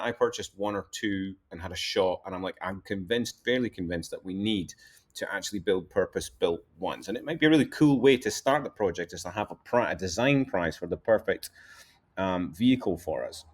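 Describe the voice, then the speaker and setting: A man pitching his own campaign as an independent candidate, talking over slides in a loose, rambling way. He chuckles often and jokes at his own expense, and his pitch swings widely. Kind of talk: casual talk over slides.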